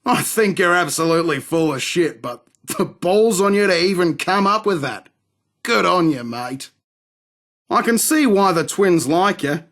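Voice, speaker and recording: Brief: a cocky arms dealer, crude and sardonic, slightly high voice, slow drawl. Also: male voice, fairly bright tone. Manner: sardonic, swaggering, rude. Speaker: game character. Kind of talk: game voice acting.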